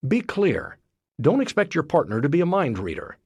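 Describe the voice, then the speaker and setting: A man reading a self-help book aloud as scripted narration, in a lively, expressive way. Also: fairly high pitch, moderate pace, breathy edge, no echo. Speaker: audiobook narrator.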